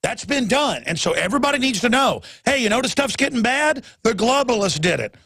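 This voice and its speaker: Gravelly high-voiced male radio host. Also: lively intonation, a little fast, pushed and bright, no room sound. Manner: emphatic, ranting, rambling. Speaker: radio talk show host. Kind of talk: call-in talk radio.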